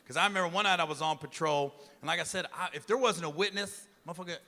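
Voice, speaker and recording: A man's voice: on the high side, fast talker, creaky, heavy background noise. A man doing stand-up, telling a long story in a loose, profane way and acting out the voices of the people in it. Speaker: stand-up comedian. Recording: live stage, large hall with crowd laughter. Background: audience laughing.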